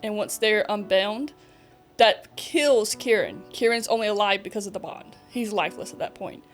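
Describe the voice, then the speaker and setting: A young woman vtuber hosts a podcast, casually recapping a book's plot, swearing freely and acting out the dialogue with animation. Her voice is medium in pitch at a moderate pace, with soft background music.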